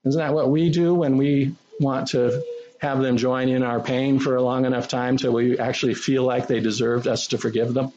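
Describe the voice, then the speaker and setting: A man preaching a sermon in a conversational, animated way, often acting out what people say. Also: medium pitch, moderate pace. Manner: conversational, animated, acts out quoted speech. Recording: dull lo-fi recording.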